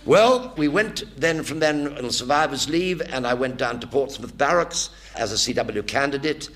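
A man's voice: mid-range voice, lively intonation, normal speed, fairly bright tone. An English man in his seventies telling war stories to a theatre audience, acting out every voice in his one-man stage show. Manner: vivid raconteur, acting out every voice.

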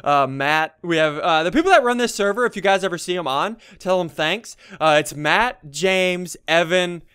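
A young man doing casual gameplay commentary as a gaming YouTuber, muttering to himself and then bursting into excited yells. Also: high voice, normal speed, smooth, no room sound, clean studio sound. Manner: excitable, swings from muttering to yelling.

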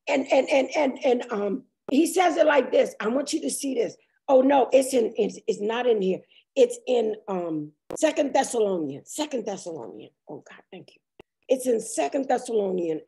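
A woman preaching a sermon, tearful and impassioned, crying out at the peaks and reading scripture slowly. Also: on the high side, expressive, gravelly. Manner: impassioned, cries out and shouts while preaching, reads scripture slowly.

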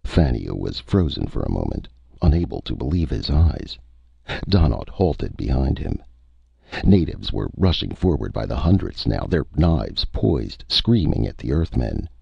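A man reads a science fiction story aloud with a very deep, dark, gravelly voice. His pitch moves in a lively way across each sentence. The recording is dry and slightly muffled. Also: measured pace, no room sound. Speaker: narrator. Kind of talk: audiobook story reading.

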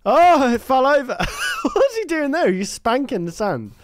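A man's voice: very high-pitched, wildly swooping pitch, unhurried, background noise. A man streaming, reacting to videos with jokes, laughter and swearing. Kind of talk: casual reaction commentary.

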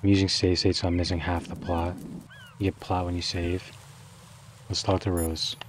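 A young man casually commentating his video game playthrough, swearing freely, laughing often and bursting into excited outbursts. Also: sits low, normal speed, background noise. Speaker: gaming streamer. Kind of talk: casual let's play commentary.

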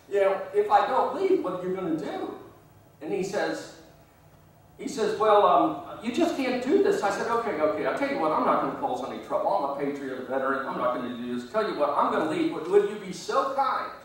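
Animated man telling stories in echoey room. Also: fairly high pitch. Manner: animated storyteller acting out both sides. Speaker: guest speaker. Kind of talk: public speech with anecdotes. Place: meeting room. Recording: very echoey room, distant mic, faint noise.

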